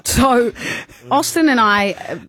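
A woman co-hosting a podcast, chatting casually and telling an animated story, often acting out the people in it. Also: on the high side, slow pace, slight background noise. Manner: animated storyteller who keeps acting out the voices of the people in her stories. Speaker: podcast co-host. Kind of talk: casual chat.

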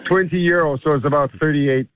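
A man calling in to a radio show, wry and deliberate. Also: on the high side, steady tone. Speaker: caller. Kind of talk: casual phone call. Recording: tinny phone line with crowd behind.

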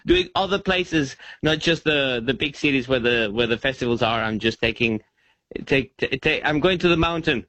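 Bright-voiced man, playful and dry. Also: medium pitch, expressive, normal speed, dry recording, muffled recording. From Venezuela. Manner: playful, stammering restarts. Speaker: comedian guest. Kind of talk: casual radio interview.

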